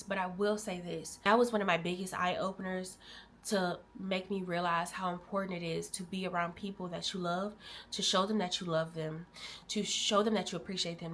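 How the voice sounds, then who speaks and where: A young woman from Illinois talks straight to her viewers, calling them y'all. Her telling is candid and emotional. She jumps from lively, louder bursts down to hushed, softer stretches. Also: on the low side, slight background noise. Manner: animated, swings between loud bursts and quiet drops. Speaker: vlogger. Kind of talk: casual storytelling to viewers.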